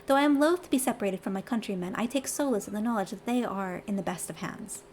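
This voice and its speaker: A woman's voice: medium pitch, fast, darkish tone, slight background noise, lightly acted. A woman voicing a dignified female ninja from afar, with stately, old-fashioned formal speech, reading game dialogue aloud. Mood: earnest formal.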